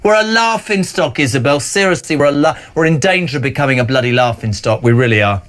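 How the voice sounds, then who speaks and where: A male presenter with a notably high voice, holding forth on a panel discussion. He rants with heated conviction and drops in sarcastic asides. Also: lively intonation, fast, fairly bright tone. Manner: impassioned, sarcastic ranting. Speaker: talk show presenter.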